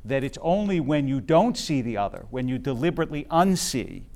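A man's voice: medium pitch, animated, brisk, a little mellow. A man teaching a Bible class to a live group, thinking aloud with frequent fillers and restarts and often checking in with his listeners.

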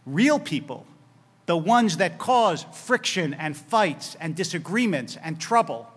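Male rabbi, high-pitched, preaching with wry humor and dramatic quoted lines, recorded in a hall with long reverb. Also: sing-song, takes it slowly, slightly rough. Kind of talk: sermon.

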